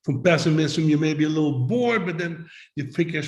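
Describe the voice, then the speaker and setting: A man's voice: fairly high pitch, lively intonation, fairly quick, reverberant, rough recording. A man giving a motivational talk to a video call audience, explaining with simple images and rhetorical questions. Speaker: summit speaker.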